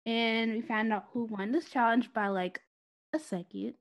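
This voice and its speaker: A woman's voice: on the high side, fairly even intonation, normal speed. A woman co-hosting a podcast, chatting casually and laughing often as she recaps. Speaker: podcast co-host. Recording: dull lo-fi audio.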